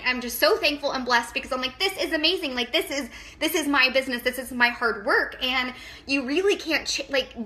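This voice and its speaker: Woman coach in her thirties; a nervous, gushing live-stream talker with a slightly high, bright voice. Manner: nervous, emotional, chatty with many fillers. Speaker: wellness business coach. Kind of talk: casual live-stream talk.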